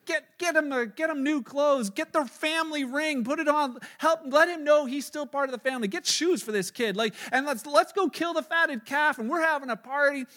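A man acting out an overjoyed, forgiving father giving excited orders in a sermon retelling. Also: very high voice, normal speed, few pauses, voice pushed up. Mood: joyful. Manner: excited, commanding.

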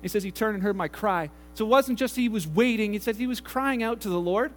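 Male pastor, sermon, chatty storytelling, high voice, reverberant sanctuary. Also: faint music behind. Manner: conversational preaching with quick acted-out voices. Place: church sanctuary. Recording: roomy hall with mains hum.

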